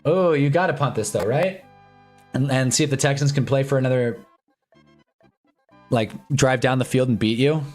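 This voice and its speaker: Excitable young man streaming football. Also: mid-range voice, moderate pace, pauses often, soft background music. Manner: excitable, swings from mumbling to shouting at plays. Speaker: live stream host. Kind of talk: casual live sports watch-along chat.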